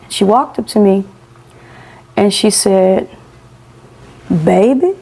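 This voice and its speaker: A woman guest in an interview, telling a personal story in an animated way, acting out the voices of the people she quotes and laughing often. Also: medium pitch, measured pace.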